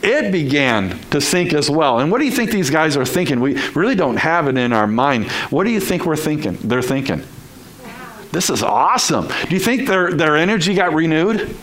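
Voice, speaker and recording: A man's voice: fairly high pitch, very animated, fairly quick, few pauses, a bit bright, poor audio. A male pastor preaching a sermon in a conversational style, full of rhetorical questions to the congregation.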